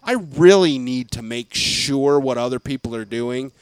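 A man's voice: medium pitch, lively intonation, a little slow, smooth, no room sound. A man co-hosting a podcast, telling rambling comic stories in casual chat and acting out office conversations. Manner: rambling storyteller, acts out office exchanges. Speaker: podcast co-host.

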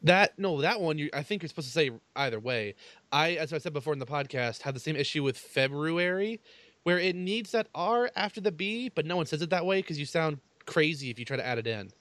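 Playful joking man with a higher voice. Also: expressive, a little fast, fairly bright tone, no room sound. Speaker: podcast co-host. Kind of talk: casual chat.

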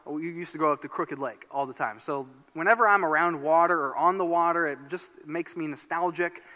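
Excitable pastor preaching in a reverberant hall. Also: male voice, fairly high pitch, a little fast. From Northeast Indiana. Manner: animated, storytelling, excitable. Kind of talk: sermon. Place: church sanctuary. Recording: long church hall reverb.

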